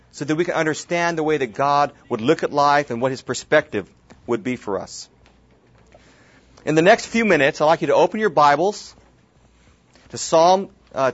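A man teaching a Bible study class, talking casually and restarting words as he goes. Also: a little high. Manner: repeats words as he restarts, casual asides to the group. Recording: dull lo-fi room recording.

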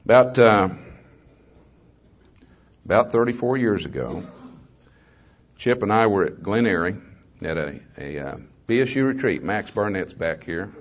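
A man's voice: on the low side, expressive, unhurried, pauses often. An older man and former mayor giving a testimony talk to an audience, telling stories in a folksy, conversational way with joking asides. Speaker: guest speaker, former mayor. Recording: slightly dull lo-fi recording.

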